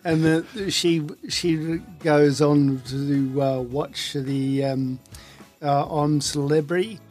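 A man tells a joke at an unhurried, halting pace, restarting his sentences as he goes. His voice sits a little higher than most men's, and soft music plays underneath. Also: fairly even intonation. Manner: slow, halting delivery with restarts. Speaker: interview guest. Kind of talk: telling a joke in casual conversation.

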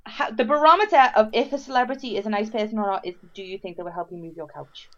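A woman's voice: mid-range voice, fast, highs cut off. A woman co-hosting a casual podcast chat, swearing freely and acting out what people said. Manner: animated storyteller, swears freely, acts out quotes. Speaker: podcast co-host.

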